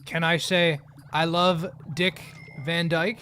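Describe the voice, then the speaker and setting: A man's voice: fairly high pitch, level tone, slow pace, bright, forceful tone, smooth, soft background music. A man chatting casually while live streaming a game, rambling and joking at his own expense. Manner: rambling, joking, often laughing at himself.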